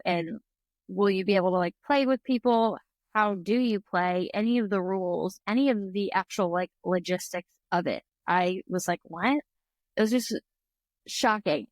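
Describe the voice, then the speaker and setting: A woman's voice: mid-range voice, no echo. A woman in her twenties, a podcast guest chatting casually and often saying "like". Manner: chatty, fills speech with "like". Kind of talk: casual chat.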